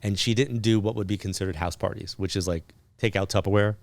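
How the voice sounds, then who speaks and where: A man, a guest on an interview podcast, telling a personal story in a chatty, animated way, full of fillers and acted-out dialogue. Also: on the low side, quick pace, vocal fry, no room sound. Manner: animated, acts out remembered dialogue. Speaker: podcast guest, psychic medium.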